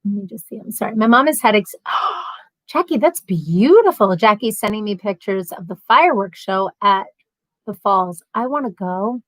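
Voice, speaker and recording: A woman's voice: mid-range voice, normal speed, dry recording, poor audio. A woman hosting a casual live stream, reading viewer comments aloud and rambling through stories with bursts of laughter. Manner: chatty, rambling, reads comments aloud and answers them; animated storytelling with laughter.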